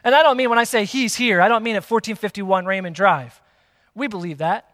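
A man preaching a sermon to a congregation, lively and emphatic, with playful asides. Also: high-pitched, brisk. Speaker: pastor. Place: church hall with long reverb. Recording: reverberant church hall.

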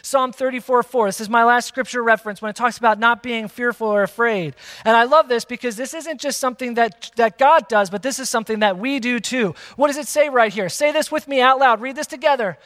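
A man preaching a sermon to a congregation, lively and emphatic, with playful asides. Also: very high-pitched, fairly quick, few pauses. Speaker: pastor. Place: church hall with long reverb. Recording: reverberant church hall.

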